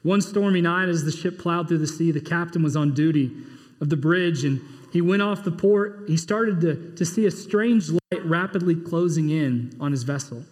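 Man, pastor, sermon, high voice, emphatic bursts and hushed asides, long hall reverb. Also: normal speed. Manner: animated preaching, swinging between loud emphatic bursts and low quiet asides.

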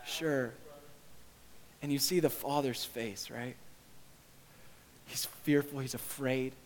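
A male pastor preaching a sermon in a conversational, earnest way that often swells into impassioned shouting. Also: medium pitch, steady tone, a little slow, long reverb tail, a little hiss or hum.

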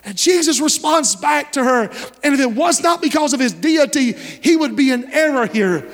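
A man's voice: extremely high pitch, expressive, moderate pace, in a large hall. A man in his thirties, a pastor preaching a sermon in a folksy storytelling manner and often checking in with his listeners. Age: 30s.

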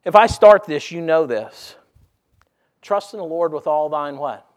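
Man preaching, fairly high voice; quizzes the congregation, reads scripture with mounting fervor. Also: expressive, measured pace. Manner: asks the congregation repeated questions, swings from hushed to loud; reads King James scripture aloud with rising intensity. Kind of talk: sermon.

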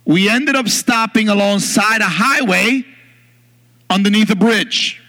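A man preaching a sermon in church, telling a story with lively acted-out moments. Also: high voice, measured pace. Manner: animated storyteller, bursts into loud yelling in acted scenes. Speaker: pastor.

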